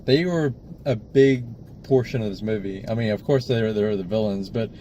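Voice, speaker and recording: Male co-host, low pitch, steady critical review talk, casual fillers. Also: a little fast, slight background noise. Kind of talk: casual film review chat.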